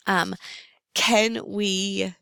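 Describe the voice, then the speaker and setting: Woman nursing instructor, gravelly tone, dry close recording, explanatory lecture delivery. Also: mid-range voice, little pitch movement, drawn-out words, fairly bright tone, dry recording. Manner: explanatory, repeats key terms, frequent "um".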